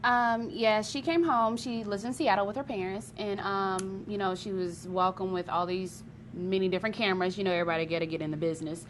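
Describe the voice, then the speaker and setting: A woman's voice: medium pitch, fairly even intonation, brisk, noisy background. A young woman chatting as a pop culture correspondent, rambling with lots of fillers. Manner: rambling, many fillers like "you know". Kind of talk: casual chat.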